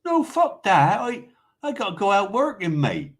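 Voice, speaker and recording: A cocky, swearing working man with a Bristolian accent, boasting in a voice pushed well above normal, as a man puts him on. The delivery is brash and loud. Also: sits high, huge pitch swings, moderate pace, voice pushed up. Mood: mocking. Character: cocky boastful working bloke, male, adult.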